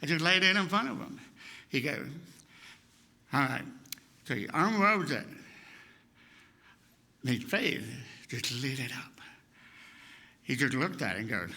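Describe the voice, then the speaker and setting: A man as guest speaker, telling a personal story to a congregation in an animated way, acting out what others said. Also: on the high side, measured pace, long pauses. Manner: animated, acts out quotes, laughs often. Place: congregation hall.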